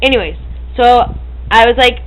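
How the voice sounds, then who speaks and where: A woman's voice: a little high, normal speed, heavy background noise. A teenage girl chatting to a webcam at home, hyper and giggly, rambling and breaking into silly noises. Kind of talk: casual chat to camera.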